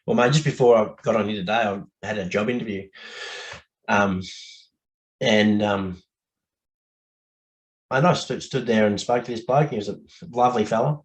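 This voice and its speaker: An Australian man speaking candidly as a guest on a casual podcast, blokey and quick to laugh, swearing now and then. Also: fairly low pitch, rough recording.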